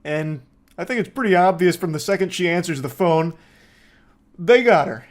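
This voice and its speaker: A man's voice: high-pitched, lively intonation, normal speed. A man giving sarcastic, joking reaction commentary, swearing now and then.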